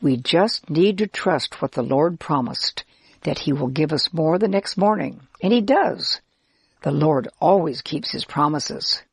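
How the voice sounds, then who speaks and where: A woman's voice: deep voice, expressive, measured pace, creaky, slightly rough, no echo, clean studio sound, heavily acted. A woman voicing a friendly, helpful Israelite man who cheerfully explains camp life in a children's story. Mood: explaining. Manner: kindly, cheerful, explaining patiently.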